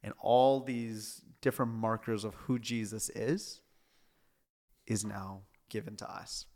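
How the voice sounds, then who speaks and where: A man's voice: fairly low pitch, fairly even intonation, takes it slowly, a little mellow. A man, a pastor hosting a church podcast, speaking in an earnest, preacherly way. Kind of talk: reflective podcast conversation.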